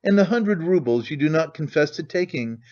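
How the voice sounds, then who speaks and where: A smug middle-aged lawyer speaking in a formal, reproachful way, as a male audiobook reader voices him. The voice sits a touch high. The recording is dull and lo-fi. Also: expressive, brisk, darkish tone, close to an everyday voice.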